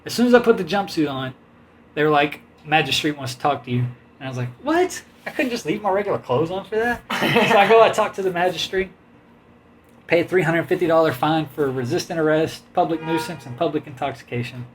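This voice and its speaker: Casual male storyteller, slightly high voice, rambling and animated, faint room hum behind. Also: brisk. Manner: rambling, animated anecdote with quoted voices and laughs. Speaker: host telling a story.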